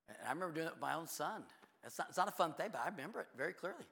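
Middle-aged male pastor preaching in a big reverberant church, bright edgy high voice, goes from hushed to loud. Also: expressive, racing, vocal fry, slightly rough. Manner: swings from quiet confiding to loud preaching. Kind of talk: sermon.

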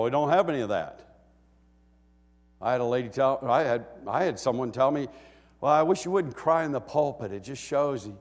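A middle-aged man preaching a sermon, animated and emotional, swinging from hushed lines to shouts with joking asides. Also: mid-range voice. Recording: echoey church hall.

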